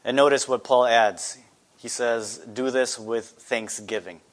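A man's voice: medium pitch, steady tone, unhurried. A man preaching a sermon earnestly, asking his listeners rhetorical questions. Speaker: pastor.

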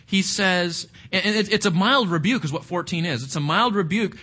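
A man's voice: high voice, normal speed, few pauses, bright, forceful tone, breathy edge. A man leading an interactive Bible study, reflective, often asking the group questions and repeating words as he thinks.

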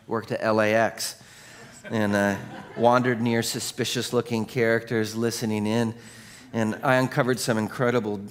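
A boastful talking labrador, as a preacher puts him on reels off his glory days in a calm, matter-of-fact way. The voice sits fairly low and plain, like a joke told from the pulpit. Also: lightly acted. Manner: matter-of-fact bragging storyteller. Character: boastful talking male labrador, retired spy.

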